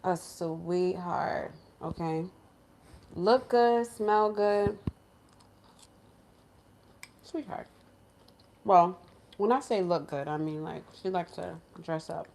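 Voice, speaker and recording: A woman's voice: fairly low pitch, slow pace, creaky, darkish tone, slight background noise. A woman from Brooklyn, chatting casually with viewers on a livestream and answering their comments in a slangy, direct way. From Brooklyn, New York. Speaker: vlogger reading live chat.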